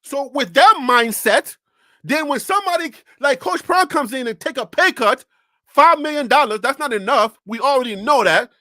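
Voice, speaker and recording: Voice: high-pitched, animated, moderate pace, pushed and bright, no room sound, studio quality. A sports talk host on a live stream who rants animatedly, fires off rhetorical questions and repeats phrases, speaking into a desk USB microphone.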